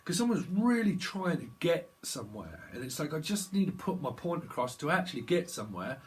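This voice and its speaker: A man's voice: on the high side, very animated, brisk. A man giving a rambling psychic tarot reading, chatty and digressive, laughing often. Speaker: tarot reader.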